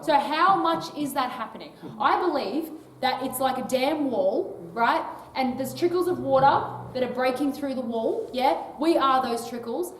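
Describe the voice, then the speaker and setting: A woman's voice: sits high, animated, moderate pace, few pauses, recorded from a distance, slight background noise. Chatty woman in an echoey hall. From Australia. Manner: chatty, peppers sentences with tag questions like "right?". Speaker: touring public speaker. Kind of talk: casual speech to a live audience. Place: old library hall, indoors.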